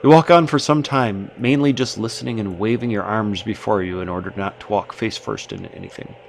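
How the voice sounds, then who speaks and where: Brief: low, gravelly male gamer reading on-screen text aloud, stop-start asides, noisy background hiss. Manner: halting, many fillers and restarts between smooth reading. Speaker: gameplayer narrating. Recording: noisy home setup with background music.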